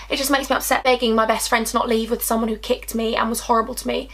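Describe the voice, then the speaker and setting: A young woman tells a painful personal story to her camera. Her voice sits fairly high, and she talks in a chatty, emotional rush. She packs it with "like" and repeats herself. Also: level tone, quick pace, vocal fry, fairly bright tone. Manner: chatty and upset, lots of "like"s and repeated phrases. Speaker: vlogger telling a personal story.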